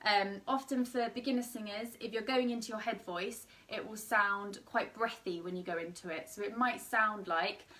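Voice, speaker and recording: A woman's voice: mid-range voice, steady tone, moderate pace, few pauses, bright, forceful tone, distant mic. Tired-voiced woman singing teacher. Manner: demonstrates sung vowels between explanations. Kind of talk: online singing lesson.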